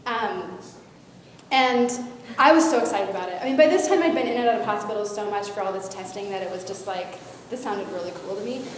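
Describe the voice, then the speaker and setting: Fairly quick and mid-range, this woman shares her personal faith story with young listeners as a guest speaker, animated and varying her loudness with energy. The recording has an echoey hall sound and faint noise.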